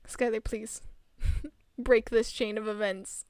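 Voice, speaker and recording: A woman's voice: fairly high pitch, steady tone, slow pace, a little mellow, smooth, no room sound, studio quality. A young woman streaming a visual novel, reading its text aloud and adding giggly, fond, chatty remarks. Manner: giggly, fond, chatty asides between read lines.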